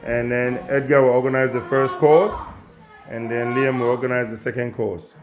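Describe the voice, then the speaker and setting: A man's voice: medium pitch, level tone, moderate pace, highs cut off. Encouraging New man, music behind. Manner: encouraging, gently coaxing. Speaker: childcare educator. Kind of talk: instructing children while cooking.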